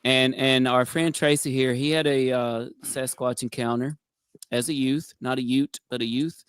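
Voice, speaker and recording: A man's voice: medium pitch, fairly even intonation, moderate pace, a bit bright, clear, resonant tone, no echo, studio quality. A man in casual group chat, friendly and enthusiastic. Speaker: guest contestant.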